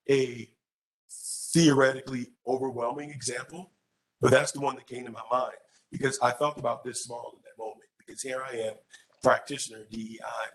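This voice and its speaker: A man who is a candidate at a public college forum, answering an audience question with an animated story, often repeating words as he restarts. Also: medium pitch, rough recording.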